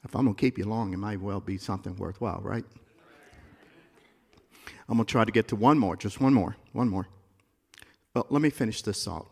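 A male pastor preaching a sermon in a church, moving between quiet, confiding asides and loud, rising climaxes. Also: fairly low pitch, fairly quick, gravelly, long pauses, breathy edge, big-room sound.

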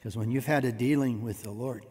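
A man preaching a sermon as pastor, swinging between hushed asides and loud emphatic bursts. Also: mid-range voice, fairly quick, husky. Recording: long reverb of a church hall.

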